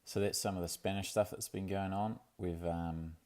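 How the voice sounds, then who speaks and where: A man's voice: sits low, steady tone, normal speed, a little mellow. A young man, talking in a laid-back, rambling way for his video diary, full of fillers and restarts. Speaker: vlogger.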